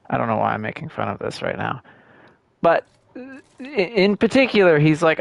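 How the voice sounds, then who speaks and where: A man's voice: fairly high pitch, very animated, moderate pace, gravelly, no room sound, dull audio. A young man casually commenting on a game, joking and reading letters aloud. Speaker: gamer streamer.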